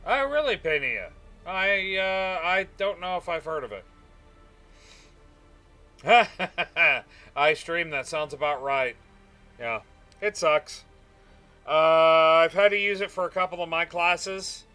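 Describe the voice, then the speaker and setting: Bright-voiced young man chatting on a game stream. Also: fairly high pitch, slow, long pauses, clear, resonant tone, faint music behind. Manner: chatty, answers chat, trails off with fillers. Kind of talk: casual gaming stream chat.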